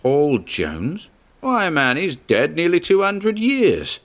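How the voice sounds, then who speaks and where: A man's voice: mid-range voice, very animated, unhurried, voice pushed up. A man voicing a young male engineer adrift at sea, panicky and pleading in a strained, raised voice. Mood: frantic. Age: young adult.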